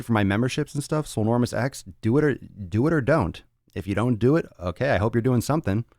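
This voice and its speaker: A man's voice: medium pitch, vocal fry, no room sound, studio quality. A man hosting a fitness podcast, ranting bluntly with lots of swearing and tough-love talk. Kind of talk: casual podcast rant.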